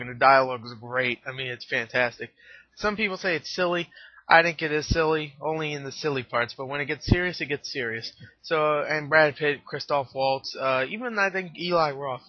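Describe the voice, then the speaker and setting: A young man who reviews movies casually counts down his favorites in a vlog, rambling with plenty of fillers and an occasional swear word. His voice is mid-range, and the recording is dry, echo-free, and dull lo-fi.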